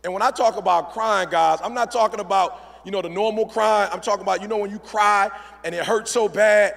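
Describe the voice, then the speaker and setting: A middle-aged man giving an emphatic, repetitive motivational speech in a large convention hall, sometimes shouting. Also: high-pitched, steady tone, fairly quick, creaky. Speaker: motivational speaker.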